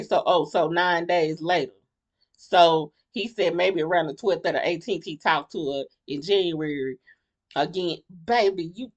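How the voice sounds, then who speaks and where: A woman's voice: on the low side, dull audio. Fired-up rambling woman vlogger. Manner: rambling and animated, with lots of restarts and slang; blunt, fired-up opinions. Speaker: vlogger recapping a reality show. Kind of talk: casual commentary.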